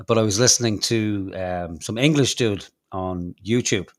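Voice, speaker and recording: Irish male podcast host, low voice, rambling and sweary. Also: measured pace. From Ireland. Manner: rambling, swears freely, many ums. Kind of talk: casual chat.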